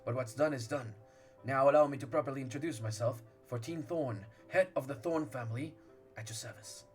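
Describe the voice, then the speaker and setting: Streamer doing a gruff old noble dad, stern but regretful, low and quiet, faint music behind. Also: male voice, fairly quick, natural voice.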